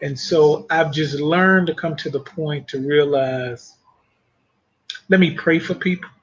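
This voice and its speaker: Thoughtful man with a higher voice, muffled audio. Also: fairly bright tone. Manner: thoughtful, measured, speaks of faith and grace. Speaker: panelist. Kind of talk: reflective faith discussion.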